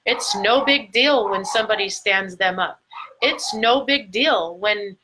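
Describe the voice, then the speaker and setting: A woman's voice: mid-range voice, a little slow, background noise. A middle-aged woman coaching her viewers in a motivational talk, stretching out key words for emphasis and recording herself for a live video. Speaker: life coach. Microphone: phone or camera mic, recording a live video.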